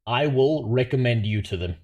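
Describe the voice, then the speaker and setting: A man's voice: mid-range voice, animated, moderate pace, a little mellow, lo-fi sound. A man chatting casually on a livestream, profane and rambling, talking to his viewers. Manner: profane, rambling, laughs often. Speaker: streamer.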